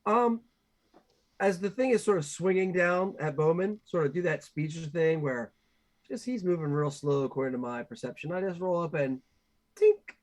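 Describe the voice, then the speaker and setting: A man's voice: a little high, moderate pace. A man playing a tabletop game online, loopy and joking while on cold medicine. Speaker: player.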